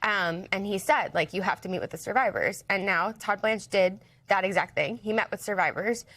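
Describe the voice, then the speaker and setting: Woman, news interview guest, emotional, halting, restarts a lot, mid pitch, dry sound. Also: a bit bright, no echo. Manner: earnest, halting, with many restarts. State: emotional, near tears.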